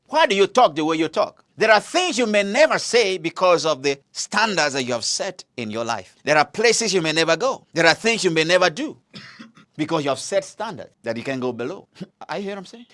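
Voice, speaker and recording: A man with a Nigerian accent preaching a motivational sermon, often asking the listeners questions and swinging between loud and hushed delivery. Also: fairly high pitch.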